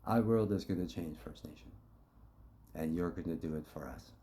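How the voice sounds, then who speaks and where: A man's voice: deep voice, normal speed, warm tone. A man telling a story to his supporters in a blunt, profane, impassioned monologue, acting out the dialogue. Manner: blunt and profane, acts out quotes.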